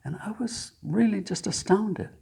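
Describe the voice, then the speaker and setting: An older man, a therapist, quietly recounting a story from his practice, soft-spoken and sometimes dropping to a near whisper. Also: sits high, unhurried, creaky, slightly rough.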